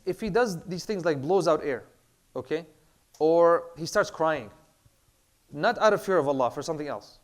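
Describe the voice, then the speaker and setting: A man teaching an online class on Islamic prayer law in a relaxed way. He mixes Arabic terms into his English, with many fillers and repeated words. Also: on the high side. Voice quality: clears throat, says he has a bad throat. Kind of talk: casual classroom lecture.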